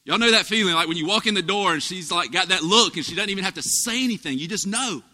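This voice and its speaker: Bright-voiced pastor in a big hall. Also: male voice, high-pitched, fast. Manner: folksy storytelling with congregation asides. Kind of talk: sermon. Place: church sanctuary.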